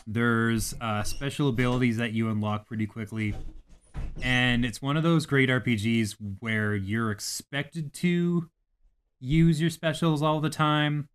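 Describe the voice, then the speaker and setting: A man's voice: medium pitch, a bit bright, clean tone. A man co-hosting a gaming podcast, talking casually and animatedly, swearing freely as he rants about games. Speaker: podcast co-host.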